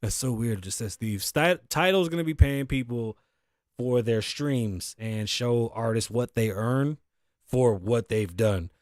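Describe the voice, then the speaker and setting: A middle-aged man hosting a podcast, ranting in casual, profane, animated commentary and wheezing a little. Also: medium pitch, unhurried, no echo, studio quality. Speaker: podcast host.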